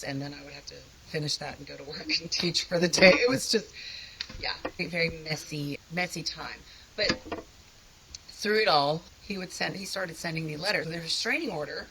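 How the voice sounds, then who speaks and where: A woman's voice: low voice, low-quality recording. A woman telling her own story of a hard time in an earnest, conversational, self-deprecating way. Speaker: guest sharing a personal testimony. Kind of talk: candid personal storytelling.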